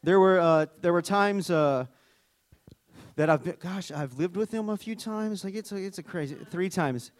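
A man preaching a sermon in a church, earnest and halting, with fillers and restarts. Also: high voice. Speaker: pastor.

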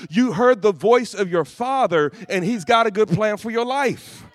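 High-voiced man preaching a sermon. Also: no room sound, studio quality. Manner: storytelling, acts out quoted voices, laughs at his own jokes. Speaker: pastor.

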